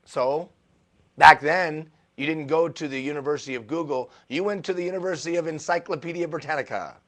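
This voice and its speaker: Animated man telling stories to a crowd. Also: a little high, fairly quick. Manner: animated storytelling with self-deprecating humor; repeats phrases for emphasis. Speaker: motivational speaker. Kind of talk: motivational keynote talk. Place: stage before a live audience.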